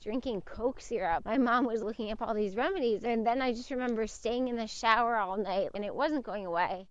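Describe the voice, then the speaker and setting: Higher-voiced woman telling her story. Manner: candid, conversational, with short laughs. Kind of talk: personal storytelling monologue. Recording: slightly muffled with faint music.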